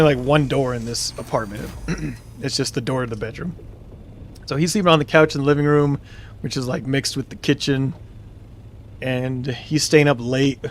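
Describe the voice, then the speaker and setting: A man's voice: medium pitch, slight background noise. A young man streaming a game, telling a long story in a rambling, casual way with many fillers and restarts. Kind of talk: casual storytelling while gaming.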